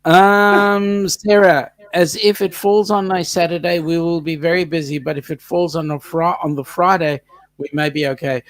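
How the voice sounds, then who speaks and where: A man's voice: on the high side, fairly even intonation, no room sound. A man, co-hosting a casual live chat, joking and stumbling through lots of ums. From New Zealand. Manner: joking, halting, full of ums. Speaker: co-host.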